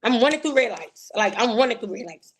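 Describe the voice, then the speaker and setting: A woman, a guest telling an emotional personal story in an animated way, acting out the voices she quotes. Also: on the high side, a little fast.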